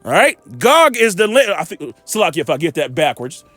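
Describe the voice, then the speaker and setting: A man's voice: sits high, big pitch swings, a little fast, sharp tone, no echo, faint music behind. A man giving an informal scripture lesson in a rambling way, often checking in with his listeners and making blunt, profane asides. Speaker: bible teacher. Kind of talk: informal scripture teaching and commentary.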